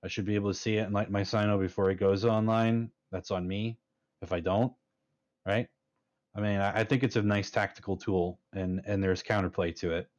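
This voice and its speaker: A man's voice: lowish voice, flat delivery, a little fast, a little mellow, muffled recording. A man in a casual panel discussion, speaking emphatically and often checking in with "right?". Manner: emphatic, keeps adding "right?". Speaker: panel guest, fleet commander.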